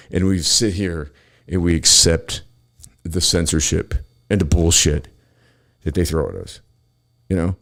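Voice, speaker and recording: A man with a very low, gravelly voice rants on his own show. He talks angrily and swears constantly as he vents to his listeners. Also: a little mellow. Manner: angry, profane, ranting. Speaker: podcast host. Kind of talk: solo political rant.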